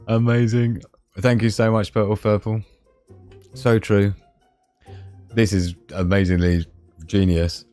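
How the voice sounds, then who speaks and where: A man's voice: lowish voice, fairly even intonation, slow, pauses often, a little mellow, no echo, soft background music. A man hosting a casual live stream, chatting and laughing as he reads out memes. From Scotland.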